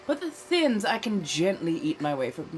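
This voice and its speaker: A woman with a lowish voice chats on a livestream in an affected old-fashioned American accent. She is languid and theatrical, drawing out her words and calling her viewers darling. A faint hiss runs underneath. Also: big pitch swings, moderate pace. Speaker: livestream host. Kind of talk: casual chat.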